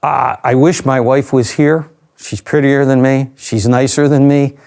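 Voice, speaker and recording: A man's voice: medium pitch, level tone, measured pace, creaky, darkish tone. An older man, an interview guest, telling a personal story in a reflective, conversational way with dry asides.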